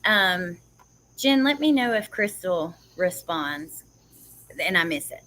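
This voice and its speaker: A woman's voice: fairly low pitch, expressive, slow, a bit bright. A woman hosting a casual livestream, reading court documents aloud and chatting about them with a co-host, laughing easily. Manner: reads legal text aloud, laughs often.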